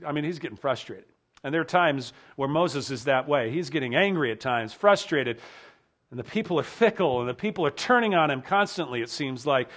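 A male pastor preaching a sermon earnestly, often dropping low and quiet to stress a point. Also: lively intonation, brisk.

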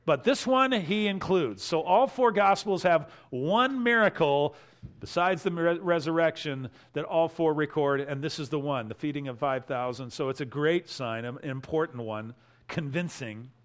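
Animated preacher, a man with a higher voice. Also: moderate pace. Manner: animated, acts out voices of the crowd and scripture. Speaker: pastor. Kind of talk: expository sermon.

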